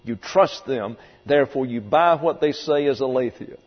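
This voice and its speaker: A pastor with a mid-range voice delivers an expository sermon at a moderate pace, emphatic and vivid, sometimes acting out the voices in quotations. The recording is dull and lo-fi, made in a reverberant hall with a mains hum underneath.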